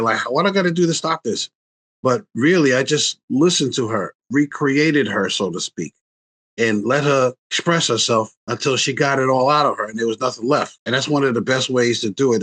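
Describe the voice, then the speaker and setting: Man, sixties, relationship coach, animated storyteller, acts out quotes, medium pitch. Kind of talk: casual interview storytelling.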